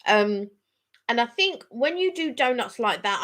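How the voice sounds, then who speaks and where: A middle-aged woman, co-hosting a casual live stream and sharing her opinions in an expressive, chatty way. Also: a little high, a little slow.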